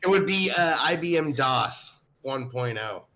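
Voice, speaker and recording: Guy cohosting a podcast, rambly and sweary, bright tone. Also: fairly high pitch, expressive, measured pace. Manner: rambling, profane, laughs often. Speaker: podcast co-host. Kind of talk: casual chat.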